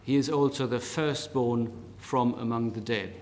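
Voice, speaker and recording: A man preaching a sermon slowly and deliberately, lifting his voice on key words. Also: medium pitch, fairly even intonation, darkish tone. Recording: long hall reverb.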